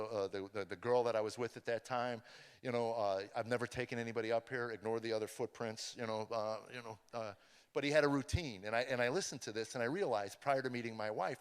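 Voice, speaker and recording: A middle-aged man, a comedian, giving a personal testimony to a live audience, often stumbling and repeating words as he goes. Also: medium pitch. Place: large room with an audience. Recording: long hall reverb.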